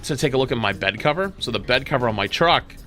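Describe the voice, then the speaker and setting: Male streamer, casual storyteller: lively and sharp-toned, exasperated and sweary. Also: mid-range voice, fast, soft background music. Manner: animated, profane, exasperated retelling.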